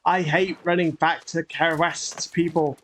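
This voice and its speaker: A man's voice: on the high side, little pitch movement, unhurried, a bit bright. A man hosting a gaming channel, giving chatty, grumbling, self-mocking commentary as he plays. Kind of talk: gameplay commentary.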